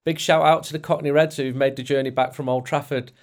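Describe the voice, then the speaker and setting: A man's voice: fairly high pitch, steady tone, fast talker. A man talks casually on a podcast as a regular guest. He is chatty, tells stories about himself and often laughs at his own mishaps.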